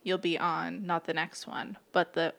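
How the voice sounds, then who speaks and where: A woman's voice: on the low side, level tone, vocal fry, a bit bright. Easygoing woman podcast co-host. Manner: easygoing, halting with fillers. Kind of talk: casual chat.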